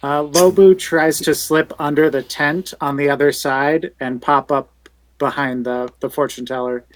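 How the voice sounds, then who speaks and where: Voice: mid-range voice, fairly even intonation, measured pace, a little hiss or hum. A player speaking in character in a tabletop game, hesitant with many fillers.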